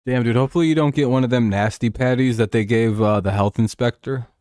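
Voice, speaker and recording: A young guy hosting a casual football-watching livestream jokes around, swears and laughs often. His medium-pitched, darkish voice comes out fast. The recording is dry and has clean studio sound.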